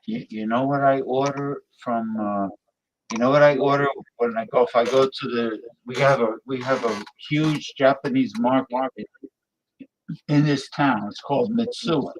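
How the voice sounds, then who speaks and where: A man's voice: mid-range voice, steady tone, moderate pace, slight background noise, rough recording. A man chatting casually on a video call, stammering and restarting, emphatic about what he likes. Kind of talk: casual chat.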